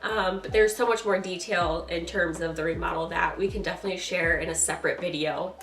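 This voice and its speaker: A woman's voice: lowish voice, steady tone, fairly quick, echoey room, far from the mic, soft background music. A woman who hosts a vlog, sharing a casual podcast-style testimony at home, sincere and heartfelt. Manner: warm, sincere, close to tears. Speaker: host, stay-at-home mom vlogger.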